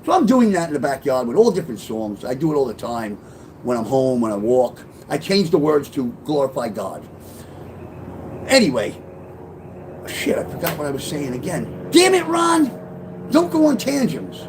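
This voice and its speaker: A man's voice: mid-range voice, sing-song, normal speed, a little mellow. Middle aged new guy telling his testimony, rambles and curses, gets teary, faint hiss behind. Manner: rambling, swearing, tearful outbursts. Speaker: author telling his life story. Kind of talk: emotional personal testimony.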